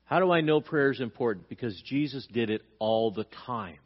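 A man's voice: mid-range voice, lively intonation, brisk, dull audio. A male pastor preaching a sermon, asking rhetorical questions and acting out quoted dialogue with emphasis.

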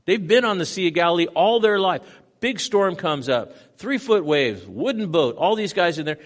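A man pastor preaching a sermon, moving between loud emphatic stretches and quiet hushed passages. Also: sits high, very animated, normal speed.

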